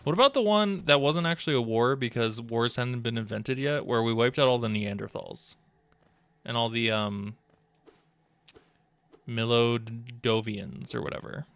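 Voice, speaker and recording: A man's voice: mid-range voice, a little slow, gravelly, a bit bright, no echo. A man streaming a video game live, rambling and joking as he plays, swearing often, into a desk microphone. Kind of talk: casual live gameplay commentary.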